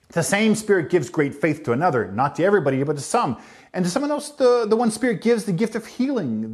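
A man's voice: high-pitched, darkish tone. A man preaching a sermon to his congregation, talking directly to them and acting out little asides. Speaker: pastor.

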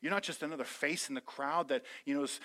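A man preaching to his congregation in a high, bright voice. He surges into loud, fervent declarations, then drops to soft, chatty asides with easy humor. The delivery is energetic and personal, like a pastor talking straight to his people. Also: fast. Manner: energetic, swings from loud fervor to soft intimate asides, joking. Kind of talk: sermon.

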